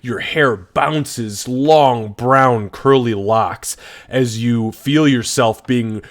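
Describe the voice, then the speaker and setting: A man's voice: medium pitch, drawn-out words. A man narrating a tabletop role-playing session as game master, descriptive and swearing freely.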